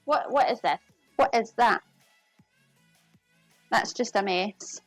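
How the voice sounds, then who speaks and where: Chatty Scottish woman, higher voice. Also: slow, soft background music. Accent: Scottish, Glasgow area. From Scotland. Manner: chatty and self-deprecating, laughs often. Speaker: live cooking streamer. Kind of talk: casual chat while cooking and reading chat.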